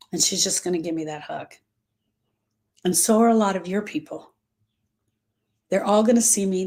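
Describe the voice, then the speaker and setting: A woman's voice: mid-range voice, mellow. A woman hosting a grief-coaching livestream, talking to viewers with emphatic repetition and reading their comments aloud. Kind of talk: live-stream talk to viewers.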